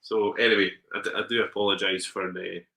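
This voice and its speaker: A man's voice: sits low, little pitch movement, brisk, creaky, sharp tone, rough recording. A man co-hosting a casual chat, telling rambling stories with frequent laughs and ums. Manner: rambling storyteller, laughs often, trails off with ums. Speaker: podcast co-host.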